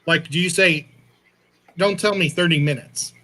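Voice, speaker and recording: Male co-host, high and bright voice, playful and chatty. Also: normal speed. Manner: joking, laughs often, chatty. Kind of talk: casual livestream chat.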